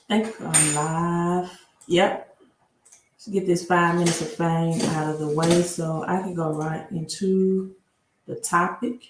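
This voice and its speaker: Slow-talking woman hosting a roomy live stream. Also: on the low side, steady tone. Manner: greets viewers by city, with frequent tag questions. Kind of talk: casual live-stream chat. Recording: roomy home room with faint background noise.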